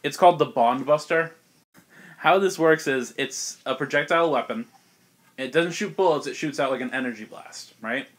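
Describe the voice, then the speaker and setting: A man's voice: on the high side, fairly bright tone. A young man narrating as game master of a tabletop game with friends, casual and often laughing. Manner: casual, laughs often, quick voice snippets for monsters.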